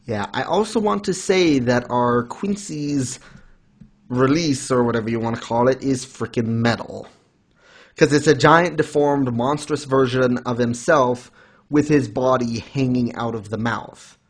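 A man's voice: medium pitch, measured pace. A man co-hosting a casual anime discussion, explaining things in a mock-formal lecturing way and correcting himself as he goes. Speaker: podcast co-host.

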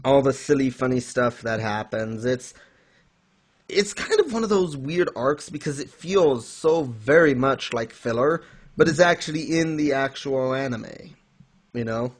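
Male podcast co-host, mid-pitched, rambling with fillers and chuckles. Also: lively intonation, a little slow. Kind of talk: casual chat.

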